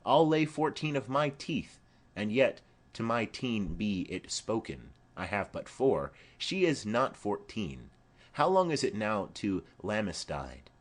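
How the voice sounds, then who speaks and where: A man's voice: fairly low pitch, big pitch swings, measured pace. A man voicing a chatty old female nurse who rambles fondly with earthy asides, in an audiobook play reading.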